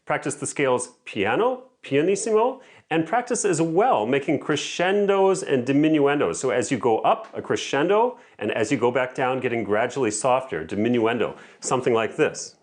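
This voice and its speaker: A man teaching piano, explaining practice methods in a clear, methodical way and calling out rhythm examples. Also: mid-range voice, lively intonation, moderate pace, hardly any pauses. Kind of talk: instructional lesson. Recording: faint piano music in background. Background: piano playing between explanations.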